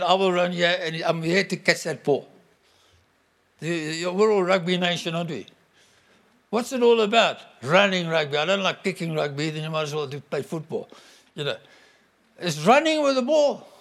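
A middle-aged man preaching a sermon to a congregation, emphatic and animated. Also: sits high, vocal fry. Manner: animated, emphatic, bursts into acted-out quotes.

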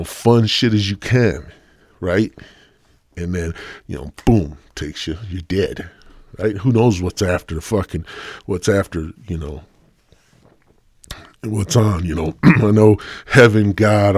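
Male podcast host, lowish voice, dry close sound, rambling profane rant. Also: a little mellow, slightly rough, no echo. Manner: rambling, heavy swearing; sardonic, joking asides. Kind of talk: casual solo rant.

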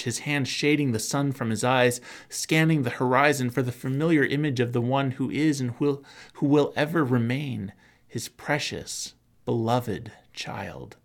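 A male pastor delivering a sermon, telling a story in dramatic, rhythmic phrases that often drop to a hush. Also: medium pitch. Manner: dramatic, rhythmic storytelling with soft hushed passages.

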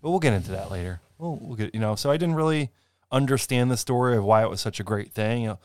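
A man hosting a podcast in casual chat, reacting quickly with wry asides and laughing along. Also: mid-range voice, dry recording. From grew up in an Italian neighborhood. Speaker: podcast host.

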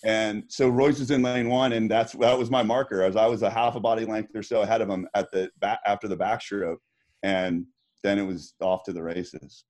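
Rambling through his stories with plenty of fillers and false starts, a middle-aged podcast guest who used to be a swimmer speaks casually. His fairly low voice is steady and darkish, at a moderate pace.

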